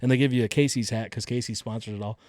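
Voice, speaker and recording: A man in a middle-pitched voice tells wild stories as a podcast guest, animated and cocky, with plenty of swearing. The sound is dry and close. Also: quick pace, no echo. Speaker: guest, race car driver. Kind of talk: casual storytelling.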